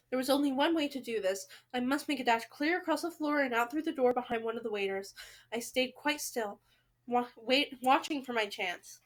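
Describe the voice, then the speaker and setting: A woman reading a novel aloud, breaking off for dramatic, emotional exclamations. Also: high voice. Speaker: book reader.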